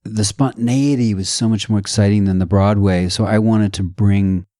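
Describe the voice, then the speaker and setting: A middle-aged man from the United States, a podcast guest chatting in an animated, digressive way that slips into playful voices. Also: on the low side, moderate pace, dry recording, clean studio sound. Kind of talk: casual conversation.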